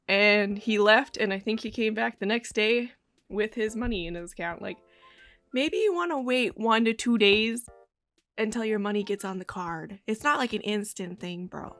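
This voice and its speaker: A woman's voice: fairly high pitch, normal speed, a bit bright, dry recording, faint music behind. Wry young woman telling a story. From Minnesota. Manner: wry, sarcastic, laughing. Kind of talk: casual storytime narration. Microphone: studio USB microphone.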